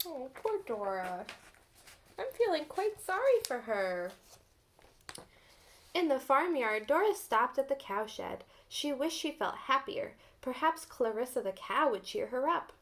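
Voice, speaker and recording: A woman reading a storybook aloud to children as a teacher, gently pausing to ask them questions. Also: sits high, very animated.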